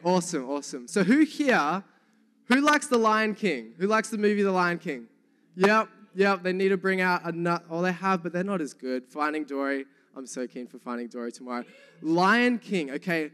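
A man's voice: a little high, moderate pace, in a large hall. A young man with a New Zealand accent, preaching a sermon and telling funny stories to the congregation. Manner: lively storytelling, jokes with the congregation. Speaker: youth pastor.

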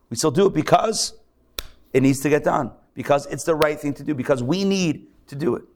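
A man teaching a live class as a rabbi, animated, acting out the voices of people he describes. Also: fairly high pitch, gravelly. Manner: animated, acts out excited and grumbling voices. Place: lecture room with a live audience.

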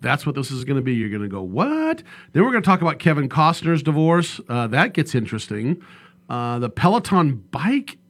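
A man hosts a radio talk show from a studio. He speaks at a mid-range pitch in a loose, joking way. He rambles, leans on fillers and stops to correct himself. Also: animated, fairly quick, a bit bright. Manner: jokey and rambling, with many fillers and self-corrections.

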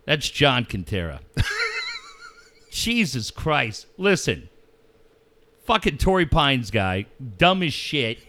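A man's voice: fairly high pitch, huge pitch swings, slow pace, long pauses, bright, forceful tone. A man ranting about local sports with constant swearing and mocking put-on voices. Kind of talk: profane sports rant.

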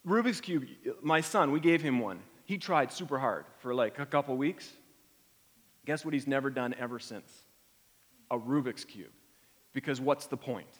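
A man's voice: medium pitch, fairly bright tone. A middle-aged man preaching a conversational sermon, acting out the feelings he quotes. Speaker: pastor. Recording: long hall reverb.

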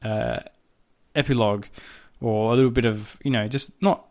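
A man's voice: mid-range voice, fairly even intonation, moderate pace. A man co-hosting a podcast in casual chat, recapping a film in a rambling way with restarts and casual swearing. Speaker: podcast co-host.

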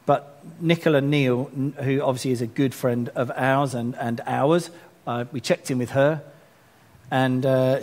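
A male pastor leads a church gathering, running through announcements with self-deprecating chatter and getting animated when he encourages the congregation. His voice is mid-range.

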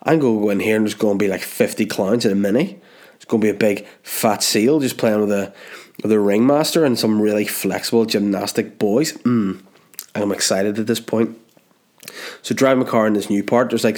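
A man's voice: on the low side, a little mellow. A man with a Belfast-area Northern Irish accent, telling a rambling, self-mocking comic story on his podcast while congested with a blocked nose. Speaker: podcast host. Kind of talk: comedic storytelling.

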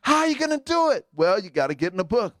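A middle-aged male pastor preaching a sermon, calling out to the congregation for responses and breaking into sudden shouts for emphasis. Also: sits high, very animated, fast talker, no echo, clean studio sound.

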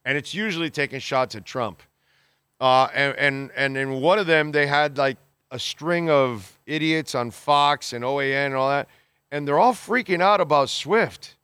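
A radio host with a medium-pitched, sharp-toned voice reads out listener messages at a moderate pace and offers blunt opinions, cursing casually and addressing people as bro. The call-in talk is casual, and the sound is smooth with no echo.

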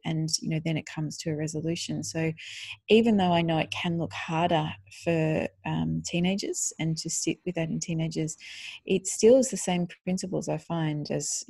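A middle-aged woman co-hosting a podcast, talking earnestly in casual conversation and growing animated when enthused. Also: low-pitched, breathy edge, dry recording. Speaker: podcast co-host.

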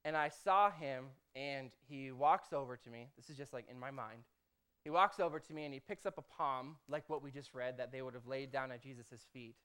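This is a pastor with a clear, smooth voice at an ordinary middle pitch, giving a sermon in a relaxed, talkative way. They tell a personal story and act out the prayers they spoke to God. They keep checking in with the listeners by asking "okay?" and "right?". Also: moderate pace. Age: adult, formerly a motivational speaker. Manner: conversational, punctuates with "okay?" and "right?"; lively storytelling, acts out own quoted prayers.

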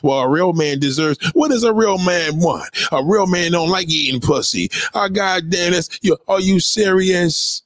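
A man hosting a livestream, ranting bluntly and lecturing his viewers between shout-outs. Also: high-pitched, normal speed, few pauses, no echo, studio quality. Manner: blunt and preachy, swears constantly, lectures the chat. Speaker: livestream host. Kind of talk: profane livestream rant.

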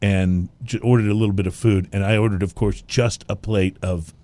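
A man's voice: fairly low pitch, fairly even intonation, normal speed, warm tone. Chatty man hosting a show. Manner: laughs often, chatty with restarts. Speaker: podcast host. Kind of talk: casual chat.

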